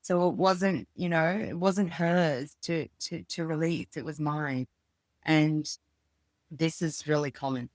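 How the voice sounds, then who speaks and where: Low-voiced woman, reflective and unhurried. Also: steady tone, no echo, studio quality. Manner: reflective, unhurried, thinking aloud with pauses. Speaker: podcast guest. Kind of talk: casual conversation.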